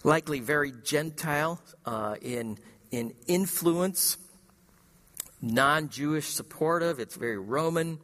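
A male pastor preaching a sermon, emphatic, firing rhetorical questions and swinging between loud and hushed delivery. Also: on the high side, slow pace, big-room sound.

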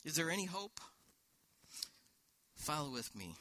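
A man's voice: fairly high pitch, very animated, unhurried, sharp tone. A man preaching a sermon in a church, walking through a scripture passage with rhetorical questions and quoted verses. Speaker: pastor.

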